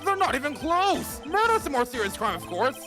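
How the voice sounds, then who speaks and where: A woman's voice: high-pitched, very animated, a little fast, music in the background. A woman doing a stern, blustering old judge. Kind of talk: fan voice acting of a game.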